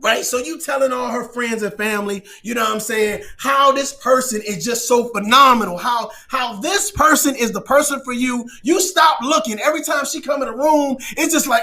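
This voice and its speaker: Loud, high, bright-voiced man riffing. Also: moderate pace, hardly any pauses. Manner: loud, preachy storytelling with shouting and laughing asides. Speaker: comedian. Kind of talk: animated comedic monologue.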